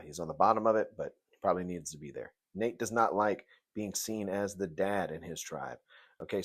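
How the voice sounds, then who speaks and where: A man with a somewhat low voice talks through a TV episode review in loose, rambling commentary. He swears freely, jokes, and slips into mocking rants. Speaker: TV show reviewer. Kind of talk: casual video review commentary.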